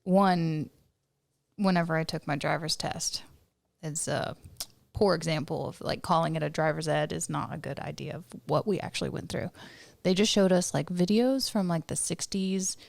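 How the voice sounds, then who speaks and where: A woman in her thirties co-hosting a podcast, chatting casually with wry, deadpan quips. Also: deep voice, moderate pace, vocal fry, dry recording. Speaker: podcast co-host. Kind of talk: casual chat.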